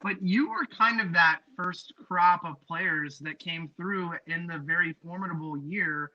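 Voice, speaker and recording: A man's voice: fairly high pitch, unhurried, no room sound. A man hosting a podcast, asking long, rambling questions full of ums and restarts. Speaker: podcast host. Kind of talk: casual interview chat. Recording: dry, dull lo-fi podcast audio.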